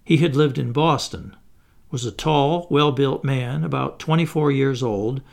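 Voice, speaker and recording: A man reading an audiobook aloud as its narrator, in a measured, solemn way. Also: medium pitch, vocal fry. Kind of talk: scripted narration.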